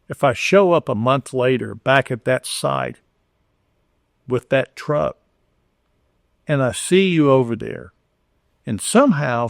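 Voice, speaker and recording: Older man, gravelly voice, earnest storytelling, lots of restarts, dry close sound. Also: mid-range voice, no room sound. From Houston, Texas. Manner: earnest, full of restarts, acts out dialogue. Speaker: podcast guest. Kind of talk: conversational storytelling.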